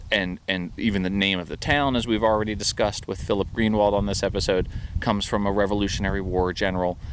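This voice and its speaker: Deep-voiced man hosting a podcast. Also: a little hiss or hum. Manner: joking, laughs easily, many restarts. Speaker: podcast host. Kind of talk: casual podcast chat. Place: outdoors at a historical park.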